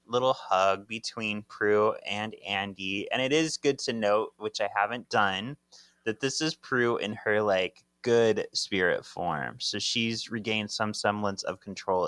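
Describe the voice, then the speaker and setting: Animated man with a lively voice. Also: on the low side, a little slow, no room sound. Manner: animated, laughing storyteller. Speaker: podcast co-host. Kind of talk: casual chat recapping a comic.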